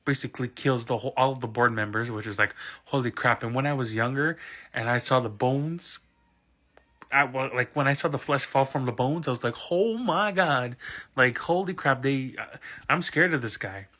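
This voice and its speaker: A man's voice: medium pitch, a little fast, pushed and bright. A man in his thirties hosting a podcast, recapping a film in a casual, rambling way with restarts and self-corrections. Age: 30s. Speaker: podcast host.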